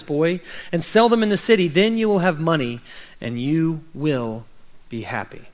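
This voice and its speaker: A man pastor reading a children's story aloud and then preaching a sermon. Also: on the high side. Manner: reads a story aloud gently, then preaches with rising urgency.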